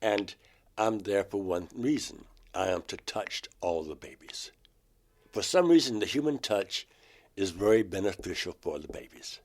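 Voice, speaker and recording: An older man from Georgia, a guest in an interview, earnestly recounting personal experiences and acting out remembered dialogue with sudden loud outbursts. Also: deep voice, lively intonation, measured pace. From Georgia, USA.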